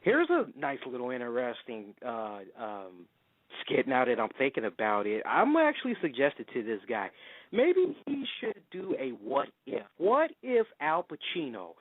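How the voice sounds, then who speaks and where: A man's voice: mid-range voice, unhurried, dry recording. Guy hosting a wrestling show, hyped up, phone-line audio, dry. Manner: excitable, does loud put-on voices. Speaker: podcast host. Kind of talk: casual radio-style chat. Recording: tinny phone-line sound.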